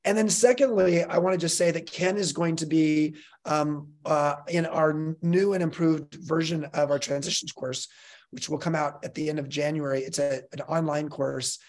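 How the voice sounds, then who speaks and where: A man's voice: a little high, steady tone, a little mellow. Upbeat laughing male host. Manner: upbeat, laughs often, brisk announcements. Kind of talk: live online fireside chat.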